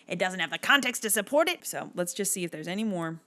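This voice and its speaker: A woman's voice: mid-range voice, lively intonation, brisk, hardly any pauses, pushed and bright. A woman giving sardonic, exasperated commentary for a video essay that reviews a film.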